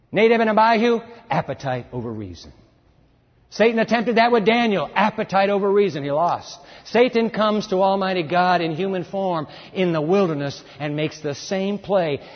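A man preaching a sermon in an animated way, acting out voices and urging his listeners to join in. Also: high-pitched, normal speed. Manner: animated, acts out voices, urges the audience. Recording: echoey hall, dull lo-fi sound.

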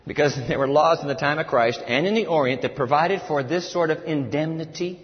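A man preaching a sermon to a congregation, animated, acting out a pleading servant in a whiny high voice. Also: fairly quick, few pauses. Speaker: pastor. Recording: dull, lo-fi audio with long hall reverb.

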